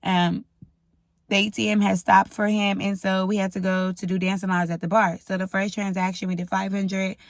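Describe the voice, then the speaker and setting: Young woman vlogger, blunt and frank, storytime vent, dry close sound, medium pitch. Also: little pitch movement, normal speed, no echo. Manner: blunt and profane, frank venting. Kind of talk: storytime vlog. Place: indoors at home, ring light.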